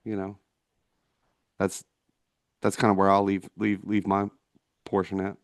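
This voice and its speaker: A man co-hosting a casual discussion podcast, speaking haltingly with many fillers and restarts. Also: low-pitched, completely flat delivery, no echo, studio quality. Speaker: podcast co-host.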